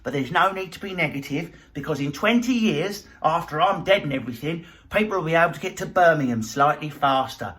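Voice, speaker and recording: A man from southeast England with a southeast English accent, delivering a sweary comic rant that peaks in shouting. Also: fairly high pitch, lively intonation, a little fast, few pauses. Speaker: comedian.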